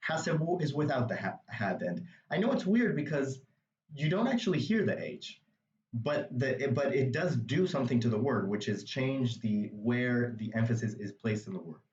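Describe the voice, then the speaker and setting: A man's voice: medium pitch, lively intonation, normal speed, a little mellow, roomy sound, far from the mic, muffled recording. A man teaching a language, explaining a reading passage step by step in a patient way with many asides. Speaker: Arabic dialect teacher.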